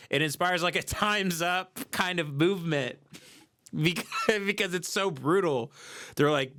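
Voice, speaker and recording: A man's voice: fairly high pitch, sharp tone. A man hosting a livestream, riffing crudely in a rambling comedic rant on a sensitive mic. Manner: crude, rambling, quick improvised bits. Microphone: sensitive mic without windscreen.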